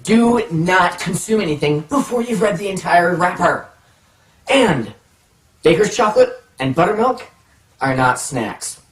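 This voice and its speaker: A man telling a comic personal story to the camera, animated and self-mocking. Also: high voice, unhurried. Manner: animated, self-mocking, acts out voices in his stories. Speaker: storytelling vlogger. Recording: echoey room, mic far off.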